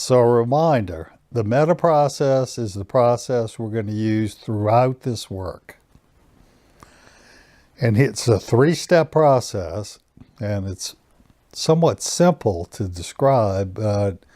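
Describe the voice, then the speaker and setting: With a medium-pitched voice and no echo, a man teaches a personal growth lesson. He gives slow, calm guiding instructions and leads breathing exercises.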